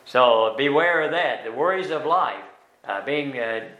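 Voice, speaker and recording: An older man leading a Bible study class, explaining verses word by word in a plain, folksy way with many pauses and fillers. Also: mid-range voice, expressive, pushed and bright. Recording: echoey room.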